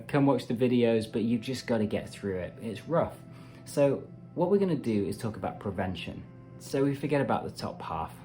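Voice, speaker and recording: A man's voice: fairly low pitch, mellow. A man hosting a meditation channel, talking casually and animatedly to camera with playful asides. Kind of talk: casual self-help talk to camera.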